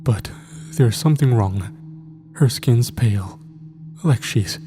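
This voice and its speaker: A man's voice: medium pitch, slow pace, music in the background, natural voice. A man voicing a terrified young male soldier who stammers and whispers in a trembling voice as he breaks down. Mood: panicked.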